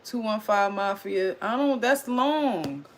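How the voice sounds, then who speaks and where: A woman hosting a casual livestream recap, chatting loudly and excitedly with her chat and reading their comments aloud. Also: medium pitch, slow pace.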